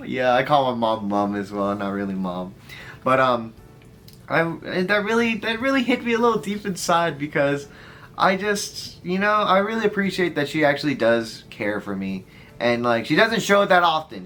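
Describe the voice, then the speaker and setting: A man's voice: medium pitch, bright, forceful tone, a little hiss or hum. A man in his early twenties telling a heartfelt story in a rambling way, full of fillers. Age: 20s. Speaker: storyteller vlogger. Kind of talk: casual story time.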